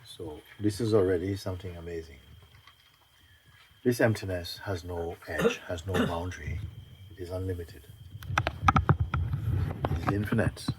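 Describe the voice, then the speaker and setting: Low-voiced man giving a gentle spiritual talk. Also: slight background noise. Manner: gentle, unhurried, often laughing. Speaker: spiritual teacher. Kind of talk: spontaneous spiritual talk to a gathering. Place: retreat gathering.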